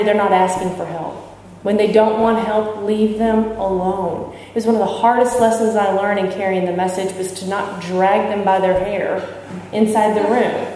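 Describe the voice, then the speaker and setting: A woman's voice: medium pitch, steady tone, normal speed, mellow, slight background noise. A woman speaking candidly to a convention audience, joking and asking them questions. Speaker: speaker sharing recovery experience. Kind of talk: talk at a recovery convention. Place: large hall with audience. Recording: echoey hall from far off.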